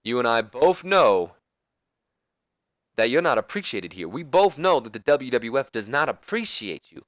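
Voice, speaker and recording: A man voicing a smooth-talking veteran male wrestling schemer with a showy, persuasive delivery. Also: medium pitch, big pitch swings, normal speed, a bit bright, dry recording, clean studio sound. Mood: coaxing.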